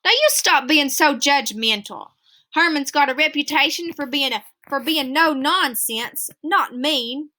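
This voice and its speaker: A woman voicing a playful older man who teases a boy with slow, drawling jokes. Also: extremely high pitch, pushed and bright, exaggerated voice. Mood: musing. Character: teasing older man, grandfatherly joker.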